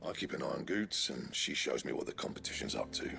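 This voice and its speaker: A grumbling old blacksmith with a gravelly growl that sits very deep. His pitch still rises and falls widely as he curses and brushes people off, with game music faintly underneath. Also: expressive, fast, heavily acted. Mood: brooding. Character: gruff proud older male blacksmith. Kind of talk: video game voice acting.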